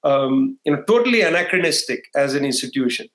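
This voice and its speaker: A man's voice: mid-range voice, animated, brisk, fairly bright tone, reverberant. A middle-aged man giving an interview on politics, talking discursively with many fillers and restarts. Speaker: interview guest.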